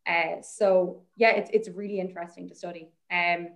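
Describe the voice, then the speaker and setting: A woman's voice: on the low side, fairly even intonation, moderate pace. A woman talking as an interview guest, explaining fossil research and then telling a story from her fieldwork in a chatty, enthusiastic way with lots of fillers. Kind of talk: conversational storytelling.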